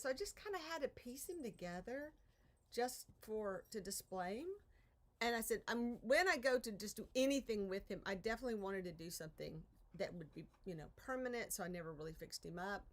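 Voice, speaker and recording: A woman chats away on her craft live stream from a home art studio, her fairly high voice bright and a little tense. She rambles and cuts herself off mid-thought, sighing now and then as she works. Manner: chatty, rambling, self-interrupting, sighs at her troubles. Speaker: craft channel host. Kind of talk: casual live-stream chat while crafting.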